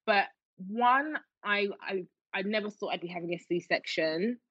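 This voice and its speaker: A woman's voice: mid-range voice, a little slow, fairly bright tone, dry recording. A woman telling a personal story as an interview guest, emotional, with many fillers and restarts. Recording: dull dry lo-fi sound.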